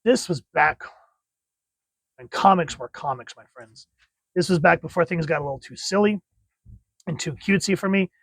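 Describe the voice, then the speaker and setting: An excited man talks casually through a comic book review. His voice sits slightly high, and the sound is dry and close. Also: moderate pace, vocal fry, pauses often, no echo. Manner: enthusiastic, chatty.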